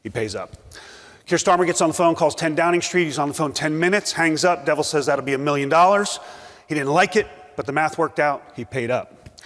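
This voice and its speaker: A man's voice: a little high, fairly quick, fairly bright tone. A middle-aged man giving a casual, joking talk at a conference, full of fillers. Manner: joking, conversational, many fillers. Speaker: conference speaker. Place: conference hall. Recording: reverberant hall.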